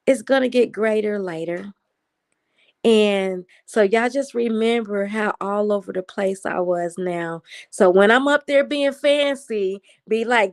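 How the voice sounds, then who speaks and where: A woman hosts a relaxed late-night livestream from home and answers her viewers' comments as they come in. Her natural speaking voice sounds excited and animated even when she is just chatting. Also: medium pitch, unhurried, smooth. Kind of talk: casual live chat, reading viewer comments.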